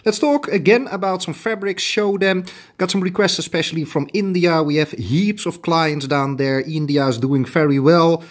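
A middle-aged man with a Dutch accent, a tailoring shop owner chatting bluntly as he shows fabrics to the camera. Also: on the high side. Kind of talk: casual product showcase.

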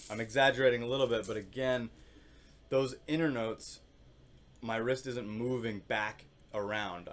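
A man teaching orchestral percussion, explaining calmly with many fillers and singing rhythms on syllables. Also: on the low side, normal speed, faint music behind. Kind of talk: instructional demonstration.

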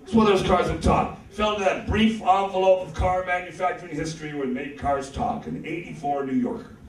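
Crude deadpan comedian in an echoey club. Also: male voice, high-pitched, a little fast. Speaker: stand-up comedian. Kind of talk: stand-up comedy routine. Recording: live club set from a distance, echoey, audience.

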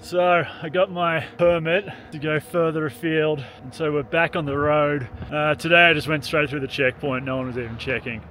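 A man's voice: fairly high pitch, fairly even intonation, moderate pace, hardly any pauses, sharp tone, a little hiss or hum. Wry man vlogging outdoors. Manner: dry, wry, offhand humour. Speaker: travel vlogger. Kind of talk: casual travel vlog narration. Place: outdoors, remote mountain roads.

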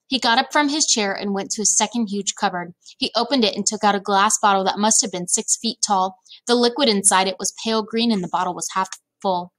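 A woman reading a children's book chapter aloud at an unhurried pace. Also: medium pitch, a bit bright, no echo. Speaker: reader.

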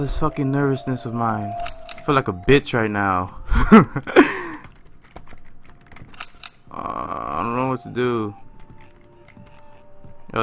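A young man commentating a horror game, jumpy and swearing constantly, yelling and laughing when startled. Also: medium pitch, a little hiss or hum. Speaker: gamer.

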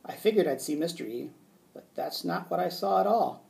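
A male teacher reading a children's book aloud with expressive narration. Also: on the high side, brisk, gravelly.

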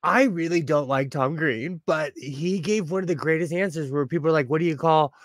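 A talkative American man chatting casually on a livestream, laughing between lines and bouncing off comments from viewers. His voice sits a bit high for a man. The sound is close and dry, with no room around it. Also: moderate pace, no room sound. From United States. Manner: chatty, laughing often, riffing on chat comments. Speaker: livestream co-host. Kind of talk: casual chat.

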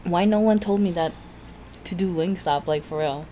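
This food vlogger has a lowish, warm voice, with a little background noise behind her. She's chatty during her casual eating-vlog talk, laughs a lot, stumbles slightly over words and feels self-conscious about how fast she talks.

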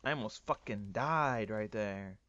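A man doing excitable, swearing let's play commentary, ranting and often breaking into yells. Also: fairly low pitch, measured pace, dry recording, lo-fi sound. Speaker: gaming YouTuber.

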